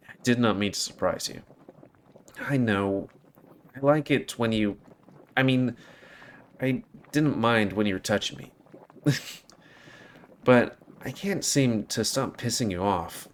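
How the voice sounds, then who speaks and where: A man reading a visual novel aloud with an expressive delivery and hesitant, stumbling asides. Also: mid-range voice, slow pace, pauses often, a little hiss or hum.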